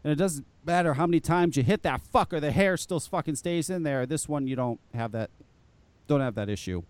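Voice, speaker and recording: A man's voice: a little high, a little fast, clear, resonant tone, no room sound. A man hosting a live online show, chatting casually, laughing often and swearing freely. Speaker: podcast host.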